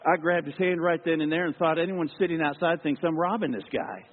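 A man's voice: fairly high pitch, brisk. A man preaching a sermon, telling a personal story and acting out the dialogue in it with earnest feeling. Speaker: lay preacher. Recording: tinny phone-like sound with long hall reverb and mains hum.

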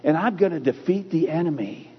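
A man preaching a sermon in a church. He talks emphatically and repeats key phrases with slow, drawn-out stress. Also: on the high side, expressive, slight background noise. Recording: dull recording with long hall reverb.

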